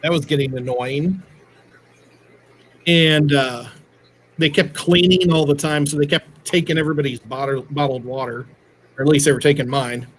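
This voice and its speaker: A man's voice: a little high, fairly even intonation, normal speed, long pauses, a bit bright, slight background noise. A middle-aged man co-hosting a livestream, telling rambling stories in casual chat. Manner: rambling, chatty storyteller. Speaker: livestream co-host.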